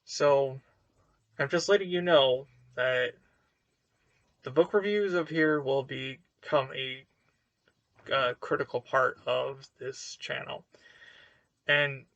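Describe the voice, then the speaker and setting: A man's voice: mid-range voice, fairly even intonation, measured pace, pauses often, a bit bright, no room sound, highs cut off. A man giving a casual book review to camera, hesitant and full of fillers and restarts.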